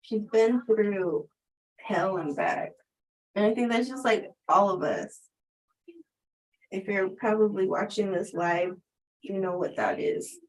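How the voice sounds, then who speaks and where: A woman's voice: medium pitch, takes it slowly, long pauses, low-quality recording. Chatty middle-aged woman who laughs often. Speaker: spiritual teacher. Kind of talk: casual storytelling on a livestream.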